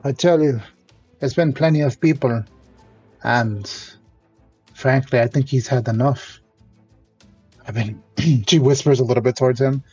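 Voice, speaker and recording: A man voicing a calm, placating female guard who coaxes and repeats herself, on dull lo-fi audio. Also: mid-range voice, unhurried, pauses often, husky, soft background music. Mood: confiding. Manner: soothing, coaxing, repeats words.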